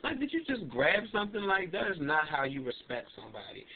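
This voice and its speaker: A young adult man vlogging, telling a story in an animated, emphatic and indignant way. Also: on the high side, fairly quick. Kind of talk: casual ranting storytelling. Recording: tinny lo-fi webcam audio with faint hiss.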